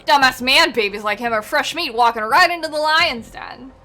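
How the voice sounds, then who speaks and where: A woman voicing a loud, mocking male gangster in a game read-along. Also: sits high, normal speed. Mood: threatening.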